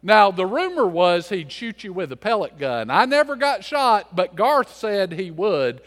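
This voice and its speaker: Brief: unhurried lively preacher in his fifties, folksy storyteller, long hall reverb. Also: a little high. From US mountains, later Charlotte. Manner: folksy, animated, swings from loud to hushed. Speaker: pastor. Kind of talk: sermon storytelling.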